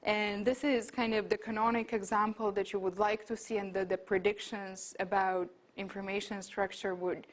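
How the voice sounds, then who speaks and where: A woman's voice: mid-range voice, level tone, normal speed, few pauses, rough recording. A woman giving an academic lecture and answering audience questions, with frequent fillers and restarts. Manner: hesitant, many fillers and restarts. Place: lecture room.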